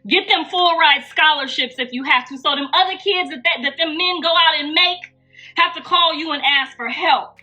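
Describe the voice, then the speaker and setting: High bright preachy woman host. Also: moderate pace, faint music behind, low-quality recording. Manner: emphatic, preaching with call-outs to listeners. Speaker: gossip channel host. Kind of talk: preachy live commentary.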